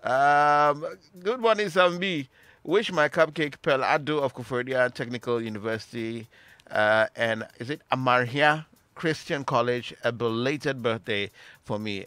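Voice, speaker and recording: A man with a Ghanaian English accent hosts a live radio show, reading listener messages and teasing his guests. His tone is bright and forceful at a middle pitch. The studio sound is dry and close. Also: measured pace, smooth, no room sound. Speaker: radio host.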